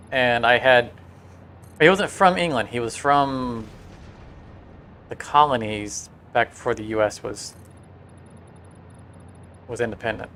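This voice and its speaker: A man chats casually on a game livestream, drifting through stories with frequent restarts and fillers. His voice sits at a middle pitch. A faint hum of ambient noise runs behind him. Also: a bit bright. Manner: rambling, storytelling with restarts. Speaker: game streamer.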